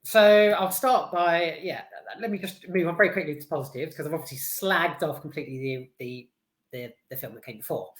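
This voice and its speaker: A woman's voice: deep voice, a little fast, roomy sound. A British woman giving a casual, blunt film review, full of swearing, restarts and fillers.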